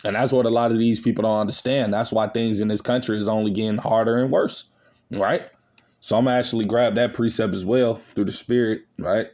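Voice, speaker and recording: A man's voice: fairly low pitch, steady tone, a little fast, darkish tone. A man preaching a scolding sermon to his listeners. He reads scripture aloud and ends his phrases with "man" and "you see.". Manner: lecturing, accusatory tone toward listeners. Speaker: online preacher.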